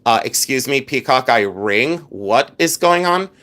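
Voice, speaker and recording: A man's voice: medium pitch, expressive, a little slow, fairly bright tone. A middle-aged man hosting a live stream, chatting with viewers and thanking them by name in an effusive, rambling way. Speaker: livestream host selling vintage jewelry.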